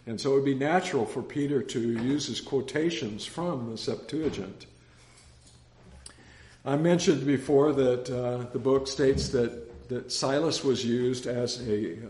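A man's voice: mid-range voice, darkish tone. A man teaching a casual Bible study, chatty and rambling, telling anecdotes with many restarts. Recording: roomy echo.

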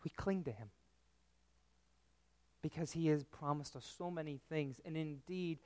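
A man preaching a sermon in an earnest, measured way, with dramatic pauses. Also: high voice, no echo.

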